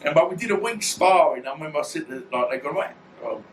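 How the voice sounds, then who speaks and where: Talking quickly with lively intonation, a former boxer in his 50s tells blunt, slangy, rambling stories as an interview guest. His voice is on the high side, and there's a little hiss or hum plus a roomy echo, faint ambience, and a distant mic.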